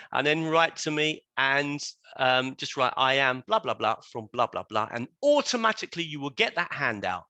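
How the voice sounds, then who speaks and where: A man's voice: a little high, sharp tone, dry recording. A man giving a live online webinar to teachers, talking them through examples while screen sharing.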